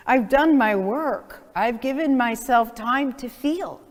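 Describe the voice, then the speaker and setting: A woman's voice: fairly high pitch, lively intonation, very slow. A middle-aged woman chiropractor giving a seminar talk to practitioners, earnest and conversational, with many "you know" fillers. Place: seminar hall. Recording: long hall reverb.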